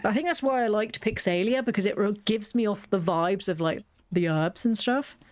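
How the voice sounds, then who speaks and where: A woman's voice: medium pitch, normal speed, dry recording. A young woman giving casual, rambling, self-deprecating commentary as she plays a video game. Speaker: let's play host. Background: faint game music.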